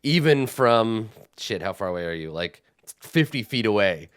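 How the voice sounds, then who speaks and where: A man narrating a tabletop game as game master, unhurried and searching for words as he describes. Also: on the low side, expressive, fairly bright tone, clean tone. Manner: unhurried, with many fillers and restarts while describing.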